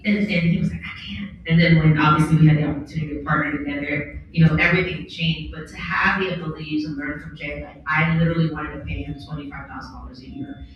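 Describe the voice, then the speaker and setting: Woman, panel speaker, blunt, animated, cavernous echo, distant mic. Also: deep voice, fast talker, dull audio, a little hiss or hum. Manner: animated, candid, blunt, acts out quotes. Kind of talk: conference panel talk. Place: large event hall on a stage. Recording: echoey hall from far off.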